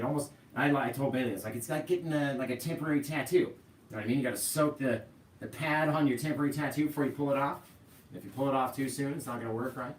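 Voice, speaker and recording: A man's voice: medium pitch, quick pace. A middle-aged man hosting a live painting tutorial, chatting straight to viewers in a casual, storytelling way and checking in with "right?" as he goes. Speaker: painting instructor. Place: home painting room. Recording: roomy, mic at a distance, faint hiss.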